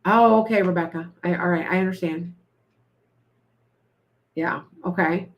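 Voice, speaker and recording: A woman's voice: fairly low pitch, a little slow, dull audio. A woman giving live tarot readings to viewers, talking in a chatty, repetitive, coaching way. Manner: chatty, repeats herself, coaching tone. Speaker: tarot reader.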